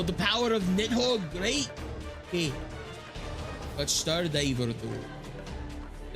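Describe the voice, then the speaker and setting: A high-voiced man from the Philippines chatters away while he plays a game live. He speaks slowly and drawls, and gets loudly excited whenever he reads out the game's text. Game music plays clearly behind him. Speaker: game streamer. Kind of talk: casual live-stream chatter while playing.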